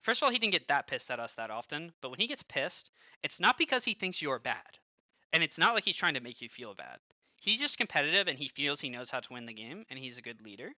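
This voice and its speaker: A young man in his twenties, a streamer and former pro gamer, telling animated stories full of filler words and cursing. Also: fairly high pitch, quick pace, no room sound. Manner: animated storytelling, heavy use of filler like and swearing. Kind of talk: casual stream commentary. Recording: dull lo-fi, dry close sound.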